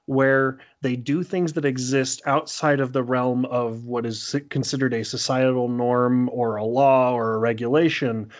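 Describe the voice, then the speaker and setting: A man hosting a casual discussion, speaking in a thoughtful, deliberate, slightly lecturing way. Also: medium pitch, fairly even intonation.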